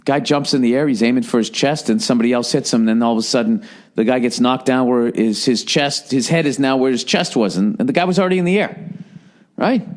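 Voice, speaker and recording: A man's voice: medium pitch, fast talker. Podcast host, middle-aged man, Boston accent, loose profane storyteller, everyday mid-range voice. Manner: profane, rambling storytelling with lots of swearing. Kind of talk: casual solo podcast monologue.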